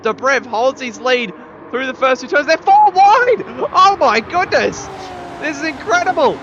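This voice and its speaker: A man commentating a sim race, calling the action play by play and building to excited shouts at big moments. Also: extremely high pitch, measured pace. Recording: slightly dull lo-fi mic with faint noise.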